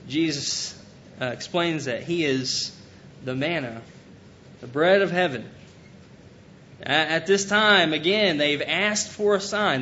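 A man preaching a sermon, earnestly retelling scripture and paraphrasing it in casual everyday speech. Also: pushed and bright. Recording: dull lo-fi recording with faint rumble.

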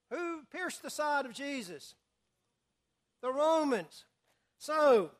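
High-voiced man teaching a Bible class. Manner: asks the audience questions and reads scripture aloud. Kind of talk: sermon-style Bible study.

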